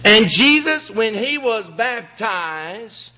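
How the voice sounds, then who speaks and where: A man's voice: sits high, expressive, slow pace, a crowd in the background, poor audio. A man preaching a sermon with emphasis, acting out the scripture he quotes.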